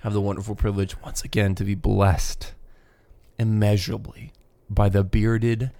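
A man hosts a relaxed podcast with a playful, joking manner and quick asides. His voice sits on the lower side. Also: vocal fry, dry recording. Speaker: podcast host, pastor. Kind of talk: casual podcast chat.

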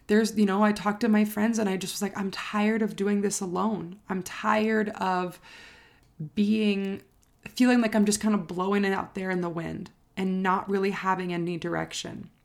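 A woman's voice: mid-range voice, creaky. A woman life coach talking straight to camera in a personal vlog, earnest and reflective, repeating phrases for emphasis and sounding close to tears. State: emotional, near tears.

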